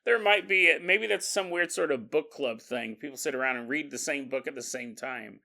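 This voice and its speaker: Host, male, bright and slightly high voice, casual joking storyteller who acts out the quotes. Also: normal speed, gravelly, few pauses. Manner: jokey, acts out quoted voices, laughs often. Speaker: podcast host.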